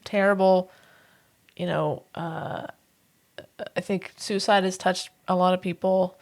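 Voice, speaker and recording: A woman's voice: on the low side, fairly even intonation, slow pace, darkish tone. A woman co-hosting a podcast in casual chat, easygoing and playful, laughing along with her co-host.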